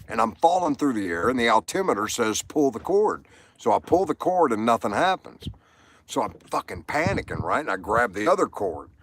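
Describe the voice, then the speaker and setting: A middle-aged man hosting a live stream, telling jokes and chatting casually with viewers by name. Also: mid-range voice. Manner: animated, jokey, addresses viewers by name. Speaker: livestream host. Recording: noisy background.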